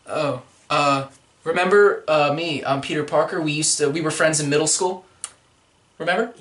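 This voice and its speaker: A man playing an awkward young Peter Parker in a comedy podcast sketch, halting and deadpan. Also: a little high, lightly acted. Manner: hesitant, rambling, deadpan.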